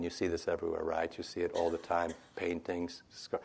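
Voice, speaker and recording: A man with a fairly low voice teaches scripture in a loose, conversational way. He recasts the old story in modern slang and keeps checking in with his listeners. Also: monotone, a little fast, vocal fry, hardly any pauses, a little mellow, slight background noise. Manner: chatty, keeps asking "right?", retells scripture in modern slang. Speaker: Bible teacher. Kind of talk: informal scripture lesson.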